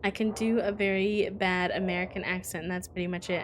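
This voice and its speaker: Young woman, streamer, casual chat, rambling, self-correcting, steady background noise. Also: lowish voice, brisk, poor audio.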